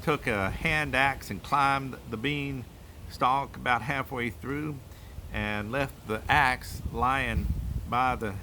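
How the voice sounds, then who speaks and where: A man's voice: medium pitch, noisy background. An older man telling a folk tale to his grandson in a folksy, rambling way, with fillers. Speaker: grandfather storyteller. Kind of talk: folk tale told aloud.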